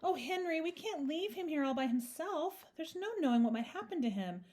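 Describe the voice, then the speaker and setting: A kindly, excitable mother from a picture book who exclaims everything high and loud, as a woman puts her on while reading. Her pitch leaps well above the reader's own voice and swings widely. The delivery is animated and fussing. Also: a little fast, a little hiss or hum. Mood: excited.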